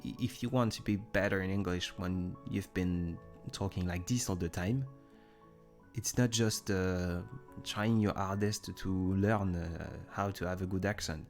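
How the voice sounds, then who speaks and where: Answering viewer comments on his livestream, a young German man with a French accent rambles casually and mocks himself. His low-pitched voice stays steady and a little slow, with soft music in the background.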